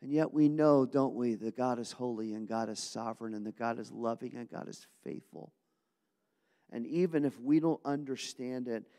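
A man preaching a sermon to his congregation, swinging from hushed asides to loud, impassioned appeals. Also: mid-range voice, normal speed, big-room sound. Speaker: pastor.

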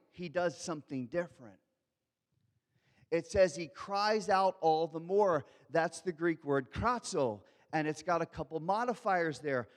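A man preaching a sermon as a pastor, swinging from soft asides to loud, fervent outbursts. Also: a little high. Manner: animated preaching, shifts from soft asides to loud shouted quotes. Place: large church hall. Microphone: handheld or headset microphone. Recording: long hall reverb.

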